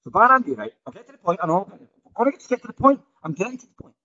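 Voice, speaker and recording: A man's voice: high-pitched, sing-song, very fast, pushed and bright, highs cut off. A man hosting a solo podcast off the cuff, rambling and often ending sentences with "right?". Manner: rambling, restarts often, tags lines with "right?". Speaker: podcast host.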